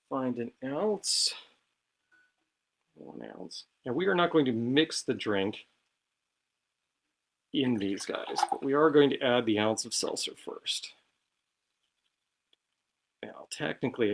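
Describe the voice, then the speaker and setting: A man's voice: mid-range voice, slight background noise. A man hosting a casual cocktail show from his home bar, chatty and self-deprecating as he talks through each step while mixing.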